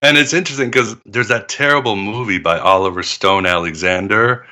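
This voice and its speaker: A man's voice: lowish voice, fairly quick, bright, forceful tone. A man as a podcast guest, talking in an expansive storytelling way and laughing often. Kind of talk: conversational interview.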